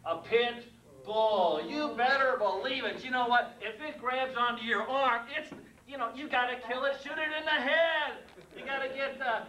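Older man with a high voice, telling comic stories. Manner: folksy, animated, acts out the scenes. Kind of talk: stand-up comedy storytelling. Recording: echoey room heard from a distance with faint noise.

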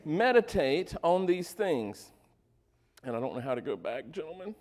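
High-voiced man preaching a sermon. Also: very animated, normal speed. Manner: conversational preaching, asks the congregation for replies; joking asides. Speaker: pastor.

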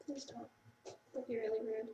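A woman playing a video game alongside the host, excitable and exclaiming, heard off-mic through a webcam. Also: on the high side, moderate pace. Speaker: co-player guest. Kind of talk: casual gaming chat. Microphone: off-mic, picked up by webcam. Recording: distant roomy webcam audio, faint hum.

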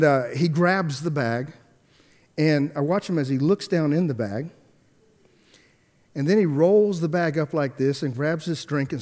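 Male pastor preaching a story, somewhat high-pitched, echoing church acoustics, stop-start delivery. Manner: animated storyteller, swings between hushed and emphatic; halting restarts and repeated words. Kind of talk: storytelling sermon. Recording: long echoey hall reverb.

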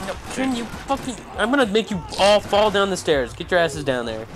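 A young man calls out his own gameplay in a high, excitable voice. He yells and swears at the screen. Faint music plays underneath. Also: brisk. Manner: loud, excitable, swearing, yelling at the game. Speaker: gamer. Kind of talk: let's play commentary.

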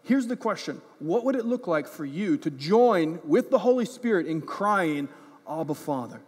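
A man's voice: sits high, lively intonation, moderate pace, darkish tone, slightly rough. A man preaching a sermon as pastor, impassioned and earnest, often repeating words as he builds a point. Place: church. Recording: echoey church hall.

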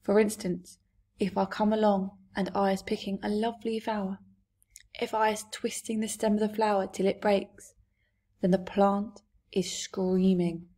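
A woman reading out a kindly giant from a storybook, earnest and gentle. He mangles his grammar in an odd, endearing way. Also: mid-range voice, little pitch movement, moderate pace, lightly acted. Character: big friendly male giant, gentle, muddled grammar.

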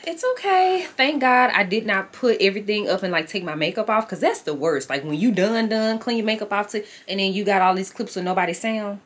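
Talking through her frustrations, a woman vlogs casually to camera and addresses viewers as "y'all," a lifestyle vlogger. She speaks briskly in a mid-range voice that's a bit bright.

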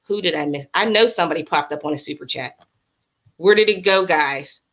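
A woman's voice: sits low, fairly quick, a bit bright. A woman hosting a crochet livestream, chatting casually and bubbly with her viewers and reading out patterns.

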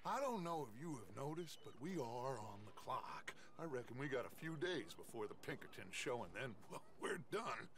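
An actor playing a charismatic middle-aged outlaw gang leader in a video game, with a smooth, persuasive manner. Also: male voice, mid-range voice, big pitch swings, moderate pace, hardly any pauses, background noise.

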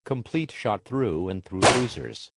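A man's voice: lowish voice, very animated, unhurried, vocal fry, breathy edge, dry recording. A man from Minnesota co-hosting a comedic sports show, with hammy, theatrical announcer banter. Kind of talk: jokey scripted banter.

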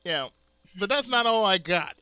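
High, animated, bright-voiced man chatting. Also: moderate pace, slight background noise. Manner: animated, laughing, swearing, quoting himself. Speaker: co-host of a game video. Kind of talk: casual co-op gameplay chat.

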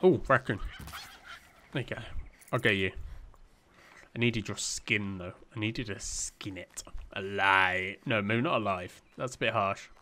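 A man's voice: fairly low pitch, a little slow, pauses often, pushed and bright. A young man giving casual let's-play commentary, rambling and joking at himself with plenty of fillers. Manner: rambling, self-deprecating, lots of fillers. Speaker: gameplay commentator.

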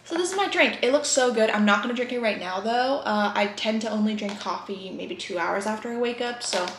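A woman in her twenties chatting casually in a vlog, gushing and soft-spoken, sometimes dropping to a whisper. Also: on the high side, a little fast. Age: 20s. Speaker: vlogger. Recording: echoey room with faint noise.

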